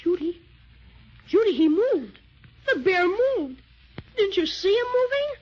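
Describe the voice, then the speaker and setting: A woman playing an eager, bold young boy in a 1930s radio drama. She makes him sound excited and bossy. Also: very high voice, unhurried, full character voice. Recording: dull 1930s radio transcription.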